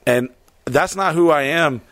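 A man's voice: on the high side, a little slow, no room sound. Man, casual storyteller, swears a lot, dry recording. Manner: profane, rambling, animated retelling with quoted voices.

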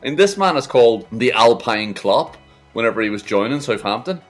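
A man's voice: mid-range voice, lively intonation, normal speed, faint music behind. A man co-hosting a casual football podcast, riffing in a sweary, mocking comic way. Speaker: podcast co-host.

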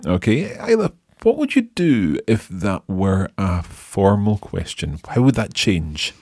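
A man hosting a podcast language lesson, modelling phrases slowly and patiently for a learner. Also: deep voice, sing-song, darkish tone, no room sound, studio quality. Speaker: language teacher and host.

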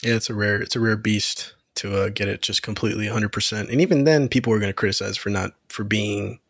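Low-voiced podcast man, dry sound. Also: fast talker, breathy edge, dry recording. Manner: relaxed, explains at length. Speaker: podcast co-host. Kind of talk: casual chat.

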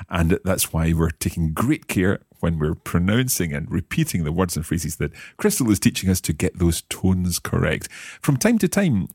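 A man's voice: low-pitched, darkish tone, husky, no room sound, clean studio sound. A man hosting a language lesson podcast, curious and carefully repeating words after his teacher. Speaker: host and learner.

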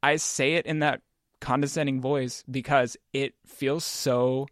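A man talks as a podcast guest in a mid-range voice, thinking out loud in a rambling, reflective way. He uses plenty of filler words, and the sound is dry and close. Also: medium pitch, fairly even intonation, unhurried, dry recording. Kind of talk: casual chat.

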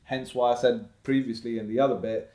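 A man's voice: medium pitch, fairly even intonation, a little fast, dark tone. Upbeat motivational man, roomy sound. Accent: London-area English. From Slough, England. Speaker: guest, property investor. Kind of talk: casual podcast conversation. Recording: roomy echoey room.

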